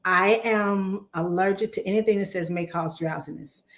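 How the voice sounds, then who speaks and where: A woman, talking casually to camera in a rambling, animated way, her voice still a little hoarse from laryngitis. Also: mid-range voice, moderate pace. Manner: rambling, animated storytelling with restarts. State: recovering from laryngitis, slightly hoarse. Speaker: vlogger. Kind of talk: casual chatty talk to camera.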